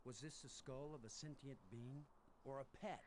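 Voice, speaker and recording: A man's voice: medium pitch, fairly even intonation, moderate pace, a little hiss or hum, natural voice. An actor playing a brash, impatient male space commander in an adventure game. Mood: musing. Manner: blunt, dismissive. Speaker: game character, expedition commander. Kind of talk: 1990s adventure game voice acting.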